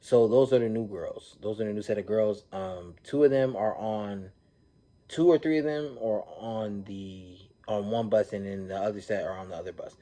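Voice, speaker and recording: A man recapping a reality TV episode in a casual, animated, slang-filled way, often checking in with "you feel me". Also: fairly low pitch, normal speed.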